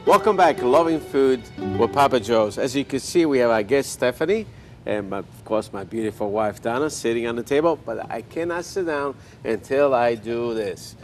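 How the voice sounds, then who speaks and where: A man's voice: medium pitch, expressive, normal speed, faint music behind. An older man hosting a cooking show, chatting while he cooks and telling folksy stories with joking asides.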